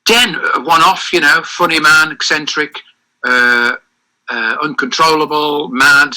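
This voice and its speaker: An older man with a bright, cutting tone and a pitch a little above most men's. He tells rambling stories in an animated way, often stopping to restart a sentence. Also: unhurried, poor audio. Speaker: interview guest. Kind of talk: reminiscing interview over a call.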